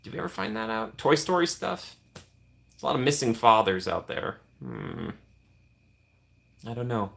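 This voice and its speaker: A man's voice: mid-range voice, sing-song, a little slow, gravelly, pauses often, fairly bright tone. A young man casually chatting on a live stream, reading and answering viewer comments with playful teasing.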